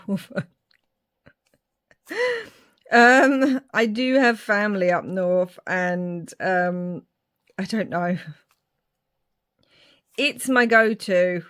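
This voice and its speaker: Slow, chatty woman crafting. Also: medium pitch, a bit bright. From Ireland. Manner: chatty, mutters asides to herself. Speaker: craft vlogger. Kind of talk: casual craft chat.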